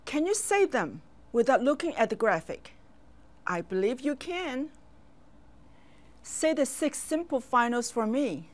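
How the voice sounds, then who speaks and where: A woman teaching a children's language lesson in a slow, clear voice, pausing for the learner to repeat after her. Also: high voice, very animated.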